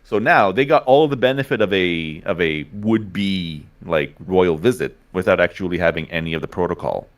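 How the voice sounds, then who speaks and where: A man's voice: low-pitched, moderate pace, few pauses. A man co-hosting a casual livestream, explaining things in an opinionated way and often checking in with "right?". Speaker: livestream co-host.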